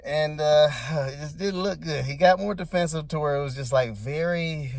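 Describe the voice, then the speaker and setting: A man's voice: a little high, normal speed, creaky, dry recording. A man giving rambling, laid-back, slangy commentary as a vlogger. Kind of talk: casual commentary.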